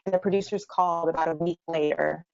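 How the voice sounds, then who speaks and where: Low-voiced woman telling her story. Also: gravelly. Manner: animated, quick storytelling with laughs. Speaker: guest entrepreneur. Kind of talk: interview storytelling. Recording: dull lo-fi sound.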